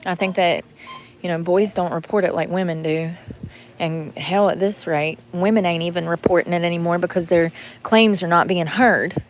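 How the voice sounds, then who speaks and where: A woman's voice: lowish voice, steady tone, moderate pace, a little hiss or hum. A woman, vlogging casually from inside a store, talking bluntly to her viewers and muttering to herself as she shops. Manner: blunt, rambling, muttering to herself while shopping.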